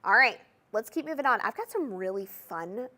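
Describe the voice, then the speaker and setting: A woman's voice: on the high side, animated, moderate pace, pushed and bright. A young woman with a Southern US accent, hosting a TV jewelry shopping show in a bubbly, chatty, salesy manner. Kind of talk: TV shopping presentation.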